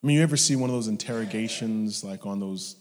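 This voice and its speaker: A man preaching a sermon, telling stories and acting out his parents, dropping to hushed whispers and rising to loud shouts. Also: fairly low pitch, fast. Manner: storytelling, acts out family members in his anecdotes. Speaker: pastor. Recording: long hall reverb.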